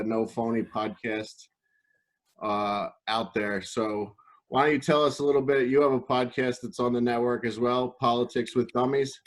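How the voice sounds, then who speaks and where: A man co-hosting a podcast in casual chat, swearing and teasing his co-host. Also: mid-range voice.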